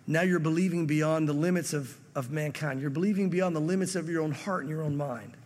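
A man's voice: on the high side, fairly quick, a little mellow, big-room sound, a little hiss or hum. A man preaching a sermon as pastor, reading scripture and acting out quotes in a conversational way.

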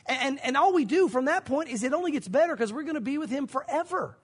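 A middle-aged man preaching a sermon as a pastor, acting out scenes with sudden shouts and hushed passages. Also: extremely high pitch, fast. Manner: animated storyteller, acts out scenes in shouts and hushed tones.

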